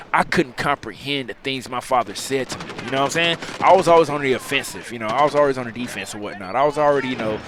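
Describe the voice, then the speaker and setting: A man's voice: medium pitch, background noise. A man, a gaming channel host, speaking a heartfelt personal monologue, choked up and repeating himself in a preacherly way. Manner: heartfelt, repetitive, preacherly phrasing.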